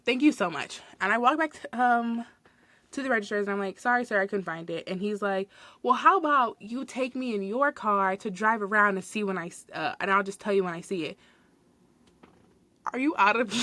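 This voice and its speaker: A young woman hosting a podcast, telling a work story in a casual, animated way, full of fillers and acted-out quotes. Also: medium pitch, normal speed, no echo. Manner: animated, swears, many "like" fillers, acts out quotes. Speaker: podcast host.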